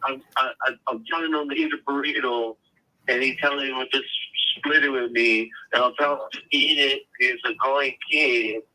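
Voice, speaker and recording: A man calling in by phone to a casual chat, laid-back and halting as he repeats his words. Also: mid-range voice, fairly even intonation, sharp tone, rough recording. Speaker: caller. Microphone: phone call.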